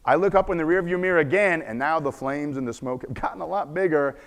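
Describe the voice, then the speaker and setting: A man giving a conference talk, telling a dramatic story and shifting between loud bursts and hushed asides. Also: fairly high pitch, quick pace. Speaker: conference speaker. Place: conference stage. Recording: echoey conference hall.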